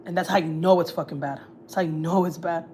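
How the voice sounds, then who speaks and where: A woman's voice: lowish voice, steady tone, quick pace, darkish tone, a little hiss or hum. A woman, a family vlogger, tells gossip on a livestream in a blunt, heated, profane way. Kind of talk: casual storytelling, gossip.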